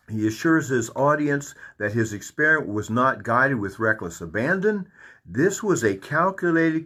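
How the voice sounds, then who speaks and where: A man leading a Bible study, reading scripture aloud and explaining it with folksy asides and repeated phrases. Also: mid-range voice. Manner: animated, reads verses aloud and comments with folksy asides.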